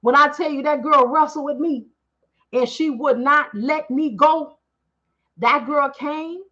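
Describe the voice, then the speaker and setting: Woman, high bright voice, preachy testimony, lo-fi stream audio. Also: measured pace. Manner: preachy, emphatic, call-and-response asides. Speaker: business owner speaking to followers. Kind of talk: live-stream testimony to followers.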